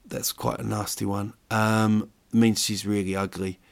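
Chatty, rambling low-voiced man. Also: flat delivery, normal speed, vocal fry. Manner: chatty, jokey, rambling with fillers. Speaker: podcast host. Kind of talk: casual monologue.

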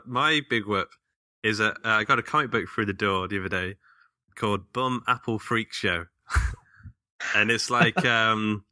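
A man's voice: on the low side, sharp tone, no room sound, studio quality. A man hosting a podcast, chatting casually and enthusiastically. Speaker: podcast host.

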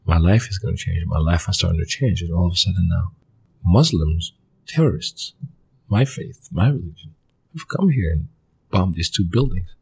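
A man, a guest in an interview, telling his life story in earnest, halting fragments with many restarts. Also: low-pitched, animated, gravelly, a little mellow, slightly rough. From Mali. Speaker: interview guest, former pro soccer player. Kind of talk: personal storytelling in a conversational interview.

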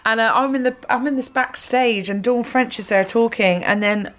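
A woman in her thirties with a Bristol accent, a comedian chatting casually and telling lively, sweary anecdotes with frequent laughs. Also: a little high, normal speed. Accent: Bristol English. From England, Bristol. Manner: animated anecdotes, swears freely, laughs often. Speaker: comedian guest. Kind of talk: casual podcast chat, storytelling.

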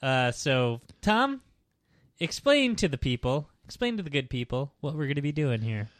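A man's voice: mid-range voice, sing-song, moderate pace, dry recording, studio quality. A man co-hosting a pop culture podcast, chatting casually with playful, teasing banter. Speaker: podcast co-host. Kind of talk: casual chat.

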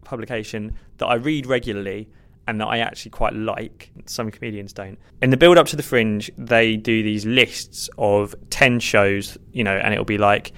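A man's voice: on the low side, fairly even intonation, normal speed, a bit bright, smooth. A man, a stand-up comedian, giving candid, self-deprecating and rambling answers in a podcast interview.

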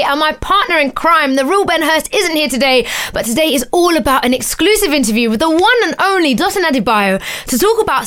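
High-voiced upbeat woman podcast host. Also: a bit bright. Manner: laughs often, upbeat and teasing. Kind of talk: casual interview chat.

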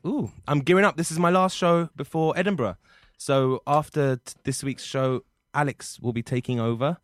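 A man's voice: medium pitch, clean tone, no room sound. A man hosting a comedy podcast in a studio, teasing his co-host and joking. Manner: joking, teasing, mock-outraged. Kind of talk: casual comedic chat.

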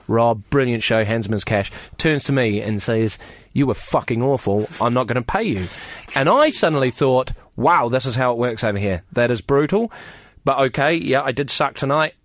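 A man's voice: mid-range voice, no echo, studio quality. A man from New Zealand, a guest comedian, casually telling an anecdote and acting out the voices of the people in it. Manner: animated storyteller acting out voices in his tales.

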